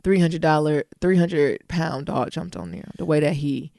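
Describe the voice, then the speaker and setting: A woman's voice: deep voice, moderate pace, creaky, dark tone, no echo, clean studio sound. A woman co-hosting a podcast, teasing playfully and acting out voices as she tells stories. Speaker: podcast co-host. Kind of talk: casual chat.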